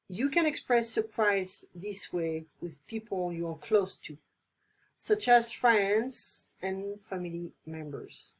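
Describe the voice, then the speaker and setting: Husky-voiced woman teaching English. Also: medium pitch, a little slow. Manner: chatty, explaining phrases with playful examples. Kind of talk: casual online lesson.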